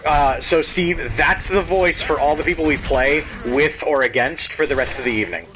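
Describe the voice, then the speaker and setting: A man's voice: on the high side, normal speed, rough recording. A young man streaming a game, chatting casually and laughing often. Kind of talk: casual gaming chat.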